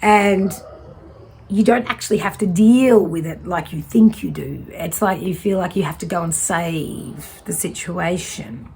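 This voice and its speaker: A woman's voice: fairly low pitch, unhurried, vocal fry, a little mellow, a little hiss or hum. A woman, giving a casual tarot reading in a fiery, direct way. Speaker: tarot reader.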